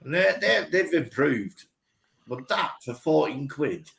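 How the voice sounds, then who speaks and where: A man chats in loud, sweary banter, laughing as he goes and leaping up in pitch when he gets excited. His voice sits a little high for a man. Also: a little slow, creaky, a little hiss or hum, rough recording. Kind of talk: rowdy casual banter.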